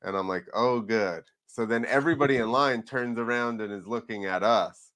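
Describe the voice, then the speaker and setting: Guy on a podcast telling a wild travel story, kinda low voice, does little voices for everyone, swears a bit. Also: moderate pace, fairly bright tone. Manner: rambling, acts out quoted people, swears casually. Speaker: podcast guest, freestyle motocross rider. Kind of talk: casual storytelling chat.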